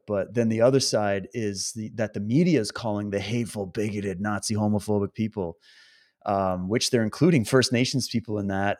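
Man, animated monologue, laughing often, mocking then grave, mid-pitched voice. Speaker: protest supporter addressing viewers. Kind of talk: impassioned monologue.

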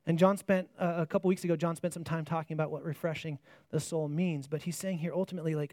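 A man's voice: sits high, fast talker, darkish tone, dry recording, studio quality. A man preaching a sermon in an earnest way, often restarting his phrases and asking the listeners rhetorical questions.

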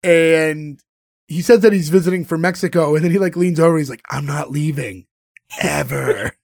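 High-voiced man recapping a show. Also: vocal fry, no echo, clean studio sound. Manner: animated storytelling, acting out scenes in quick quoted voices. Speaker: podcast host recapping a sitcom episode. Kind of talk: casual chat.

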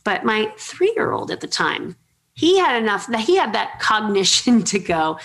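A middle-aged woman hosting an interview, telling chatty, animated anecdotes with many fillers. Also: medium pitch, a little slow. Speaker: podcast host. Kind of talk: casual storytelling interview.

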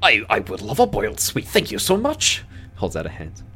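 A hearty dwarf mercenary with a jovial, punchy delivery, as a man puts him on for a tabletop game. His voice is low and swings up and down a lot. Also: wildly swooping pitch, moderate pace, pushed and bright, soft background music, heavily acted.

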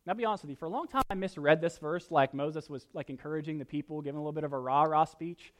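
A male pastor delivering a sermon in a fairly high voice. He swings between quiet explanation and loud, slowed-down readings of scripture, with casual jokes thrown in. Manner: animated, rises loud when reading scripture, jokes asides.

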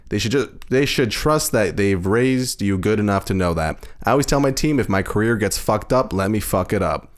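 A man in casual podcast banter, his voice sitting very deep yet moving in lively swoops. He jokes freely and swears often. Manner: jokey, profane, reads answers aloud in a mock voice. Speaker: podcast co-host. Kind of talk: casual chat.

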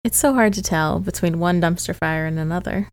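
A woman hosting a podcast, chatting casually, relaxed and self-deprecating, quick to laugh. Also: lowish voice. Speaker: podcast host. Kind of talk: casual chat.

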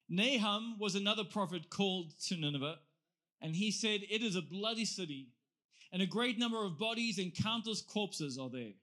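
Bright-voiced, lively male preacher. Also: high voice. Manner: lively, conversational, asks the audience questions. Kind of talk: sermon.

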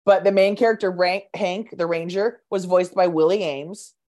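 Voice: medium pitch, fairly even intonation, normal speed, darkish tone. A co-host of a podcast in casual chat, telling rambling stories full of restarts and profane asides. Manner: rambling storytelling with restarts and acted quotes.

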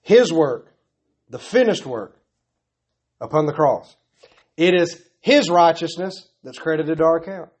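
A man's voice: on the high side, animated, measured pace, long pauses. A man preaching a sermon, earnest and pleading, building his points through repetition. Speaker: pastor.

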